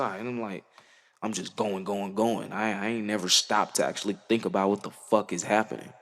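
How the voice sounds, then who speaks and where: A man's voice: on the low side, fairly even intonation, normal speed, fairly bright tone, big-room sound. A young man musician giving an earnest, slangy, profane monologue to camera. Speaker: musician vlogger. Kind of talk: reflective casual monologue.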